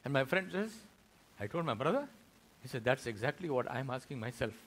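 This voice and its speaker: A man's voice: medium pitch, brisk. A man giving a Friday sermon in a mosque, telling a story and acting out the voices of its people. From India. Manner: animated storyteller who acts out the voices of people in his story.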